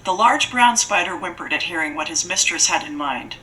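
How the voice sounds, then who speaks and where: A woman narrating a mystery audiobook in a steady storytelling delivery. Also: on the low side, brisk, a little hiss or hum, low-quality recording.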